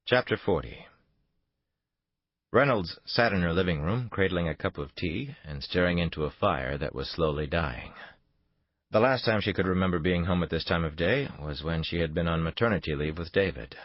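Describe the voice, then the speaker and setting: A man narrating a thriller audiobook in a steady, dramatic way. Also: low-pitched, moderate pace, dry recording, dull audio. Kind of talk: scripted narration.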